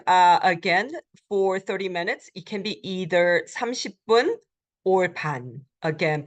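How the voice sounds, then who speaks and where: A woman lecturing as a Korean language instructor, explaining step by step with frequent ums and uhs and repeating phrases slowly for learners. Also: mid-range voice. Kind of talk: recorded college lecture.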